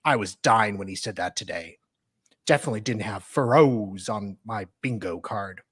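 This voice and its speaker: A woman's voice: rumbling low, normal speed, breathy edge, no room sound. A woman co-hosting a live stream who makes dry, sarcastic jokes in casual chat. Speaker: stream co-host.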